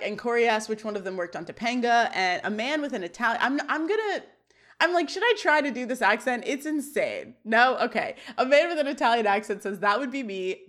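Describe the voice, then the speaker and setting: A woman's voice: fairly high pitch, fairly bright tone. A woman co-hosting a podcast, animatedly retelling a sitcom scene and quoting the characters with laughs. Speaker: podcast co-host. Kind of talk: casual recap chat.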